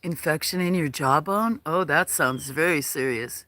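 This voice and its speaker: Man, livestream host, soft-spoken, hesitant, slow-paced, outdoors. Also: fairly high pitch, slight background noise. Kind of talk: casual livestream chat. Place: outdoors at a farm.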